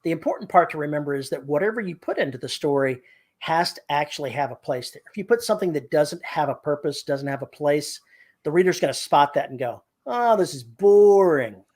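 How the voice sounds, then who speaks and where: A man's voice: a little high, animated, fast. A man co-hosting a podcast on writing, chatting casually and acting out quotes as he retells a scene. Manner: chatty storyteller, acts out quotes. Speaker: podcast co-host. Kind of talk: casual chat about writing.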